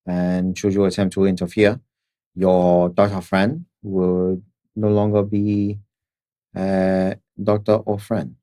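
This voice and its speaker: A game master voicing a menacing male secret-society envoy with a put-on Chinese accent, delivering slow, measured, veiled threats. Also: low voice, flat delivery, warm tone, no room sound, studio quality.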